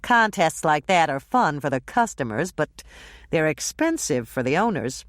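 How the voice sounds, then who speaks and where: A woman's voice: sits low, big pitch swings, normal speed, dry recording, clean studio sound. A woman doing a wry, practical baker.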